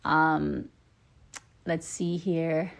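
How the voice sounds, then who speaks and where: A woman's voice: low voice, little pitch movement, very slow, vocal fry. A woman from Atlanta, Georgia, chatting casually on a phone livestream and answering fans' questions with lots of ums. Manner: chatty, many ums, playful accent switching. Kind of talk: casual chat.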